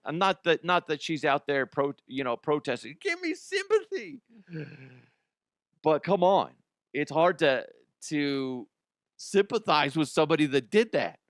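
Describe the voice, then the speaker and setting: A man's voice: fairly high pitch, no room sound, studio quality. A man hosting a comedy news show, rambling and swearing through odd headlines in disbelief. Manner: profane, rambling, incredulous. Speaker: comedy news podcast host. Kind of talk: casual comedic news commentary.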